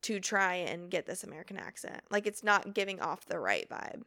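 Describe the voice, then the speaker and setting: Bright, gravelly-edged young woman chatting. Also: on the low side, no echo, clean studio sound. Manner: chatty, animated, quick quoted asides. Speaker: podcast co-host. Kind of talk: casual chat.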